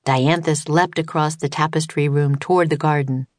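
A woman reading a children's storybook as an audiobook, in calm, even narration. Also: deep voice, moderate pace, dry recording. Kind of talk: scripted narration.

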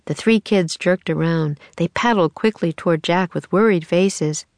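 A woman reading a children's chapter book aloud in a clear, measured storytelling voice. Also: lowish voice, a little mellow, dry recording. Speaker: audiobook narrator.

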